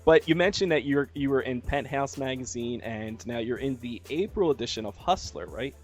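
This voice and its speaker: Radio host, man, jokey and teasing, mid-pitched, some music underneath. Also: normal speed. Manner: joking, teasing, plugging the show. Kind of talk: casual interview.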